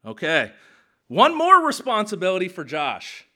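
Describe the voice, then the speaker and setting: A man in his thirties, a pastor preaching a sermon in an animated, conversational way. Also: sits high, measured pace.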